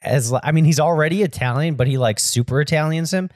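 A man's voice: a little high, quick pace, darkish tone, no echo, clean studio sound. A man co-hosting a podcast, chatting casually about a movie with a blunt, crude manner and frequent laughter. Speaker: podcast co-host. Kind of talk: casual movie-review chat.

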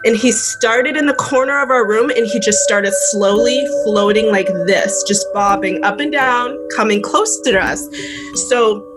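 A woman from New England tells a childhood ghost story to friends in a casual chat, lively and acting out the voices she quotes. Her voice sits fairly high, and music plays faintly underneath. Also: normal speed, low-quality recording. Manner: animated, acts out quoted voices. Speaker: podcast guest telling a story.

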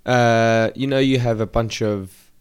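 A man's voice: mid-range voice, steady tone, a little slow, clear, resonant tone. A young adult man with an Australian accent, co-hosting a podcast and telling rambling, playful stories in casual chat. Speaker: podcast co-host.

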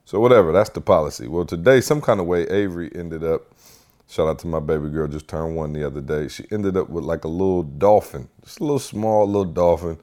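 A man hosting a casual podcast, telling a family story with lively energy and acting out what people said. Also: low voice, a little fast. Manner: animated storyteller, acts out quotes. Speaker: podcast host.

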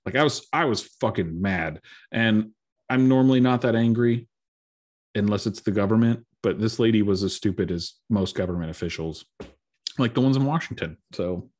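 A man on a casual podcast, talking in a lively, swinging voice that jumps around in pitch. He swears constantly and tells his stories with rising energy. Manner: animated storytelling, heavy swearing, frequent laughs. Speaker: podcast co-host. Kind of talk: profane casual chat.

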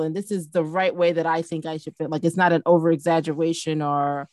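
A middle-aged woman with a low voice talks through a casual podcast chat, full of ums and likes. The sound is close and dry, with no room around it. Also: quick pace, few pauses, dry recording. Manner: chatty, full of fillers, animated when joking. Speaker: podcast co-host.

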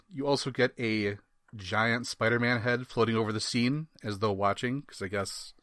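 Wisconsin guy hosting a comics podcast, lowish voice, dry sound, wry and rambly. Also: a bit bright, no room sound. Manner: wry, laughs often, rambling asides. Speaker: podcast host. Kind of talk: casual comic book review.

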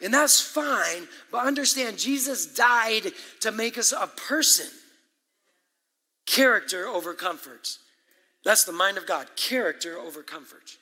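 A man preaching a sermon as pastor, animated and emphatic, with asides and quick laughs. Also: high voice, breathy edge. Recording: echoey hall with long reverb.

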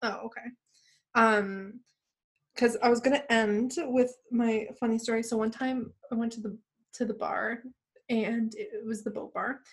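A young woman with a slightly high voice co-hosts a podcast. She tells chatty stories, giggling and poking fun at herself. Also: steady tone, unhurried. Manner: chatty storyteller, giggly, self-mocking. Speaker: podcast co-host. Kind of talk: casual chat.

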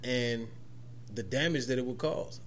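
A man's voice: medium pitch, unhurried, slight background noise. A man co-hosting a podcast, laid-back and profane, often laughing. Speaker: podcast co-host. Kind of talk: casual chat.

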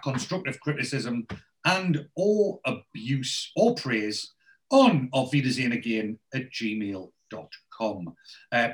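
A man's voice: mid-range voice, poor audio. Male podcast host, casual recap delivery, hesitant and rambling.

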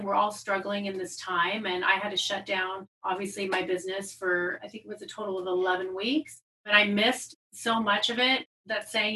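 A woman's voice: mid-range voice, far from the mic, low-quality recording. A woman in her fifties, a hairdresser, telling a story in casual conversation and acting out the dialogue. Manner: animated storyteller, acts out quoted dialogue. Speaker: hairdresser and salon owner.

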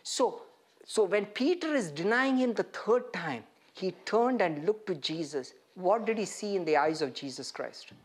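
A man preaching an interactive sermon, animated and putting questions straight to his listeners. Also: high-pitched, a little slow, breathy edge.

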